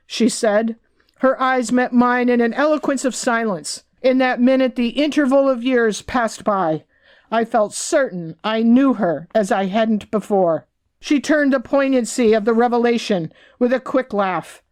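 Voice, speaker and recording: A woman narrating her own book as an audiobook, in a measured, reflective reading. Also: on the high side, darkish tone.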